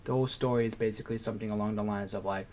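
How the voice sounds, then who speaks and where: A man's voice: on the low side, steady tone, racing, a little mellow, slight background noise. A young Australian man co-hosting a podcast in casual chat, joking and teasing, laughing often. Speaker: podcast co-host.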